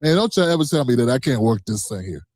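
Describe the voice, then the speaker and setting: A man's voice: mid-range voice, sing-song, fast, a little mellow, no echo, clean studio sound. A man streaming a reaction, talking back to a clip in a combative, profane, mocking way. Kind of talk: heated reaction commentary.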